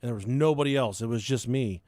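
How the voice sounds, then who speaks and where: A man's voice: medium pitch, fast talker, darkish tone, no echo, clean studio sound. A young man hosting a podcast, telling a story in a loose, profane way and laughing along with it. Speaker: podcast host. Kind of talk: casual storytelling chat.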